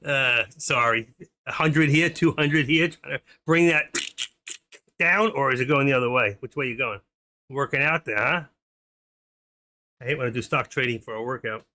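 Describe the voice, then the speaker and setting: A man's voice: medium pitch, moderate pace, long pauses, sharp tone. A middle-aged man hosting a stock trading livestream, chatting casually and talking to viewers by name. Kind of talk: casual live-stream chat while trading.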